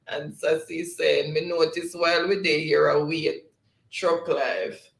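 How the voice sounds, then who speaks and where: Slow, gravelly-voiced Jamaican host. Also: male voice, on the high side, steady tone, roomy sound, low-quality recording. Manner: reads chat messages aloud, laughs often. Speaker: live-stream host reading chat. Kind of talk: casual live-stream quiz hosting.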